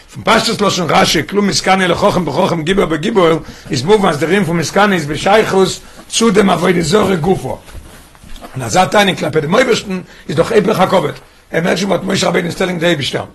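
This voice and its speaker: A man's voice: high voice, gravelly, breathy edge. A man teaching a Torah lesson as a rabbi, asking one rhetorical question after another. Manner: poses rhetorical questions, mixes in Yiddish and Hebrew terms.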